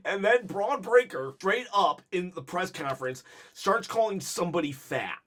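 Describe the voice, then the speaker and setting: A man with a notably high-pitched voice hosts a wrestling video show in loose, casual commentary. He talks in an animated, excitable way, scattering fillers through his sentences and often breaking into laughter. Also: normal speed. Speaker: wrestling vlog host.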